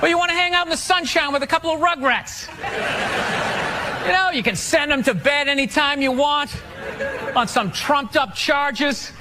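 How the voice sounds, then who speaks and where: A man doing a stand-up comedy routine with sarcastic, deadpan mockery. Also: very high-pitched, fairly quick, a crowd in the background, noisy background.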